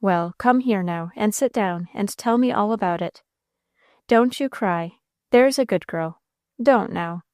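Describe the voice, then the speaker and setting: A gruff, kindly old sea captain, put on by a woman reading a storybook, drawling in a homespun country dialect. His voice sits at a middling pitch and sounds close and dry. He speaks in a low, confidential way. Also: darkish tone, no room sound, close to an everyday voice. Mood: soothing. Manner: folksy rural dialect, drawn-out and confidential.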